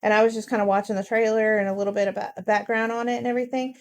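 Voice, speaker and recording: A woman's voice: on the high side, very fast. A young adult woman co-hosting a casual podcast, talking bluntly and cussing without a second thought. She tells her stories freely, acting out the customers and the boss she quotes. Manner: blunt, profane storytelling with lively acted quotes. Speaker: podcast co-host. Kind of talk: casual chat.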